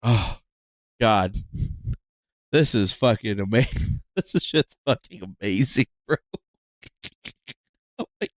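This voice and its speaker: A man hosting a livestream, giving casual, profane, excitable commentary and laughing often. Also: lowish voice, slow pace, long pauses, no room sound. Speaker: livestream host.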